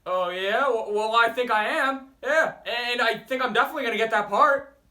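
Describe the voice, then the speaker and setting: A man's voice: a little high, very animated, a little fast, a bit bright, distant mic. A young man playing a clueless boy mangling French. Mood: smug. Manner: stammering, goofy. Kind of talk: student comedy skit.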